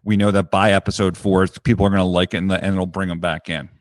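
A man's voice: deep voice, little pitch movement, fast talker, no room sound, clean studio sound. A man with a Philadelphia accent co-hosting a podcast, talking casually and rambling with frequent restarts and the odd swear. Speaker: podcast co-host. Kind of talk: casual chat.

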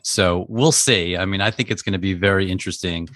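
A man co-hosting a media podcast, chatting casually with quick excited restarts. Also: low voice, no room sound, clean studio sound. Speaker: podcast co-host. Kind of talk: casual chat.

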